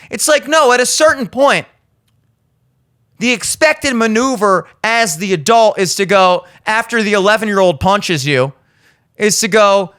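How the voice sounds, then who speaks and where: Man, 30s, podcast host, blunt, profane commentary, high bright voice, studio. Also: expressive, normal speed. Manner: blunt, profane, acts out quoted lines. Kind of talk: opinionated commentary.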